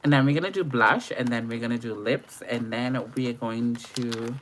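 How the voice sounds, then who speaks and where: Young woman doing a makeup livestream, really deep voice, slow and chatty, faint hum behind. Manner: chatty and playful, greets viewers by name. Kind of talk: live makeup tutorial chat.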